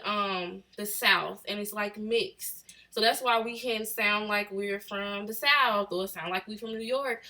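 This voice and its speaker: A woman's voice: medium pitch, sharp tone. A woman in her late twenties with a Chicago accent, chatting casually with viewers on a livestream and answering their comments. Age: late 20s. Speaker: livestream host. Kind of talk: casual live chat with viewers.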